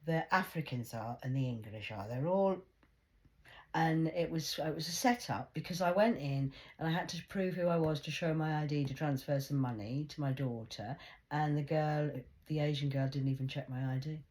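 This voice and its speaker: A woman in an agitated ranting monologue to camera, jumping between hushed whispers and loud outbursts and often stumbling over repeated words. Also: deep voice, moderate pace. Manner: repetitive, stumbling restarts. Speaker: vlogger.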